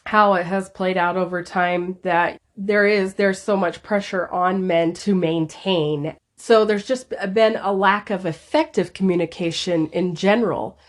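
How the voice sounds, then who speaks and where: A woman's voice: on the low side, fairly even intonation, measured pace, few pauses. A woman co-hosting a podcast, chatting casually and often agreeing with short affirmations. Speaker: podcast co-host. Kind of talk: casual chat.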